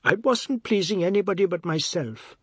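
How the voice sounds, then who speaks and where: A man voicing a stubborn wife who answers in an exaggeratedly calm, firm way. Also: high voice, normal speed, husky, dry recording, studio quality, voice pushed up. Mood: defiant.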